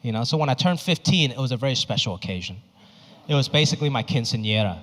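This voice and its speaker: A male stand-up comedian performing a set on a comedy club stage, animated and exaggerated, and he swears freely. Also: mid-range voice, fast. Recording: reverberant club with audience noise.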